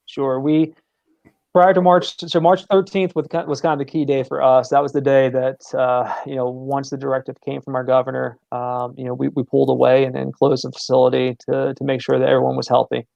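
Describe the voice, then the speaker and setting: A man with a Southern American accent talks through his sports venue as an interview guest, in a steady, level voice with a gravelly edge. He pauses on fillers and repeats words as he explains. The sound is dry and a little dull. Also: mid-range voice, no room sound. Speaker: sports center manager, guest.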